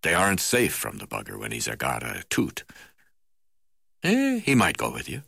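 A man's voice: a bass voice, huge pitch swings, moderate pace, creaky, bright, forceful tone, slightly rough, no echo, clean studio sound, voice pushed down, exaggerated voice. A man reading an audiobook voices a crusty, hard-drinking older male magistrate with coarse, blustering talk. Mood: gruff. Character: crusty old male colonial magistrate, boozy and gruff.

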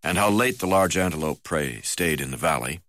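A man reading a first-person wildlife memoir aloud in a measured way, with occasional hesitations. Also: rumbling low, expressive, a bit bright, dry recording. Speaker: reader.

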